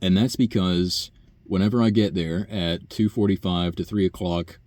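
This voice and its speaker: A man's voice: low-pitched, steady tone, normal speed, a little mellow, no room sound. A young man, a nursing home worker, telling a long profane story in a rambling, sighing way. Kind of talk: casual rant monologue.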